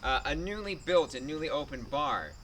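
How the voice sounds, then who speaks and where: A man improvising joke setups, halting with fillers before the punchline. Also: on the high side, expressive, crowd noise. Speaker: improv performer. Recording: noisy remote audio.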